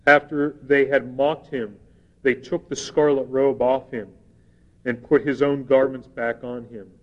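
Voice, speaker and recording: A man preaching a sermon, reading scripture passages in a slow, measured and earnest way. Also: mid-range voice, little pitch movement. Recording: dull sound with long hall reverb.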